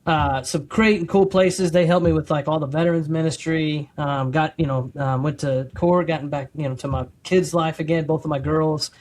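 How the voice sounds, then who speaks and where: A man's voice: on the high side, normal speed, hardly any pauses. A middle-aged man on a podcast telling his testimony in a casual, rambling way, acting out his own quotes. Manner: animated storyteller, acts out quotes; rambling with many restarts. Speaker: podcast guest.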